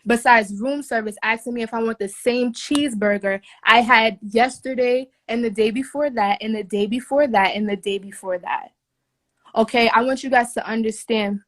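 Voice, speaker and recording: A woman's voice: a little high, moderate pace, fairly bright tone. Indignant young woman ranting in a room. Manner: indignant, emphatic, swears often. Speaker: flight attendant telling her story. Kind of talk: casual phone video rant. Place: hotel room, indoors.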